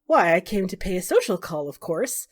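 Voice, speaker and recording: A woman's voice: lowish voice, big pitch swings, moderate pace, husky. A woman playing a smug, cruel male magister. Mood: silky menace. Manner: mock-polite, taunting.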